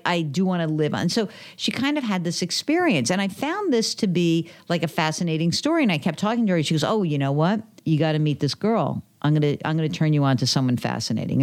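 Chatty storytelling woman, lowish voice. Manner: chatty, acts out quoted dialogue, many fillers. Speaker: guest, personal finance author. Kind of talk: conversational podcast storytelling.

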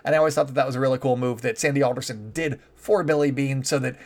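A man's voice: mid-range voice, quick pace. A man giving solo baseball commentary in a chatty, opinionated way, with sarcastic asides.

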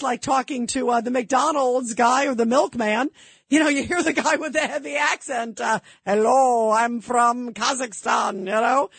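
Husky-voiced woman talk radio host. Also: high-pitched, dry recording. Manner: emphatic, indignant, rhetorical questions. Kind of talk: political commentary monologue.

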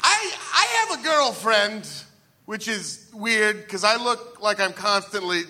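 A man doing a stand-up comedy set on a live radio show, self-deprecating, with excitable rants that climb into high shouts. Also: slow, a crowd in the background, background noise.

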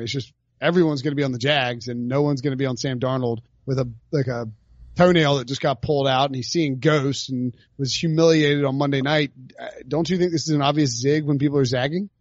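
A man's voice: medium pitch, fast, no echo, highs cut off. A man hosting a podcast, chatting casually about football picks with jokey asides. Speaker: podcast host. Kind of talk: casual sports betting chat.

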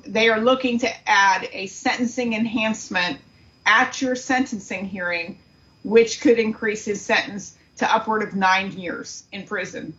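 A middle-aged woman, a guest on a talk show, telling a painful story in an earnest, halting way. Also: medium pitch, fairly bright tone, muffled recording. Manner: earnest, grief-stricken, halting. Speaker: guest, aunt of the subject. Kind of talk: emotional interview storytelling.

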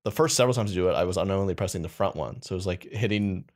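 A young man with a somewhat low voice co-hosts a casual comedy podcast. He rambles through his stories, stops and restarts mid-sentence, and keeps poking fun at himself. His delivery is loose and conversational. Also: racing. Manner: rambling, self-mocking, trailing restarts. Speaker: podcast co-host.

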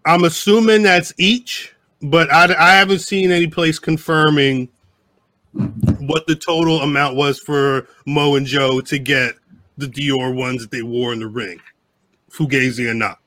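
A man's voice: a little high, steady tone, measured pace, pushed and bright, dry recording. A man co-hosting a live podcast, rambling in casual chat with lots of profanity and restarts. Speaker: podcast co-host.

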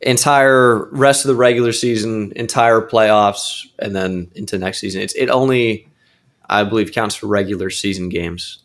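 A man with a fairly low voice on a casual sports podcast. He gushes with enthusiasm and leans heavily on fillers like "like" and "uh". His pitch swings between excited highs and quieter, lower stretches. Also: normal speed.

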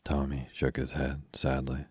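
Very deep, husky bedtime narrator. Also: male voice, completely flat delivery, no echo, clean studio sound. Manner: soft, slow, soothing delivery. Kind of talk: bedtime story reading.

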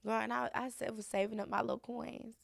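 A woman's voice: fairly high pitch, flat delivery, a little fast, gravelly, no echo, studio quality. A young woman guesting on a podcast, laid back and frank as she tells stories in casual chat. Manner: laid-back, frank storyteller, says "girl" often. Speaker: rapper guest.

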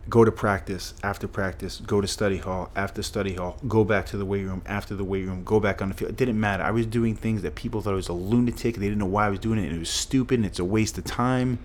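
Brief: middle-aged man, very low voice, earnest storyteller, faint hiss behind. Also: fairly even intonation, fast talker, hardly any pauses. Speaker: guest. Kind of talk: storytelling in a podcast interview.

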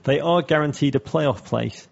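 Gravelly podcast host. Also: male voice, fairly high pitch, normal speed, dull audio. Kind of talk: casual chat.

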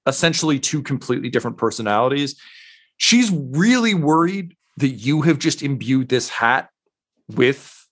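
A man's voice: medium pitch, expressive, moderate pace, a bit bright. A man narrating as game master of a tabletop role-playing game, rambling with many fillers.

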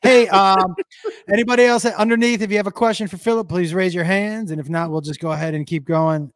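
Man, host, casual live chat, high pitch, very lively, dry sound. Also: a little fast, dry recording. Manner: animated, laughs loudly.

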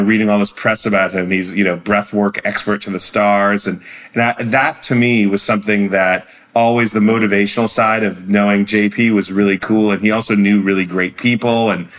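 Low-voiced male host, loose rambling interview chat. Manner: relaxed, rambling, lots of "like" and "you know". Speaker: podcast host.

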